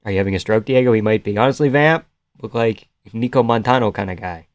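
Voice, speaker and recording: A man's voice: lowish voice, fast talker, no echo. A man hosting a casual live stream about a fight night, reading chat aloud, joking and laughing often.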